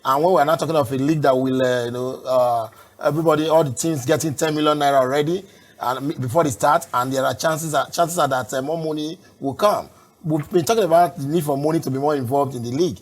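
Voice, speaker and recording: A man talks as a football reporter on a panel. He speaks fast and eagerly in a slightly high voice. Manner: eager, quick-talking.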